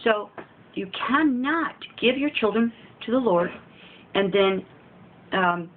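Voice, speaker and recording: A woman's voice: medium pitch, lively intonation, slow. A woman giving informal spiritual encouragement, earnest and repetitive, often pleading. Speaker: faith video host. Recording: tinny phone-like audio with faint hiss.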